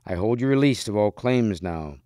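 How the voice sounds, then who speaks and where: A man putting on a booming giant green knight. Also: expressive, normal speed, dark tone, no room sound, clean studio sound, close to an everyday voice. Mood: solemn, gentle. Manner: booming, commanding. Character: huge fierce green-faced knight with a mighty voice.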